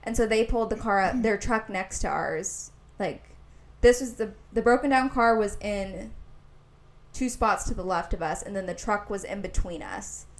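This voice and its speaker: A woman's voice: mid-range voice, normal speed. A young woman from Indianapolis, co-hosting a podcast and telling a long story in casual chat, full of "like". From Indianapolis, USA. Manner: rambling storytelling, heavy use of "like". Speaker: podcast co-host.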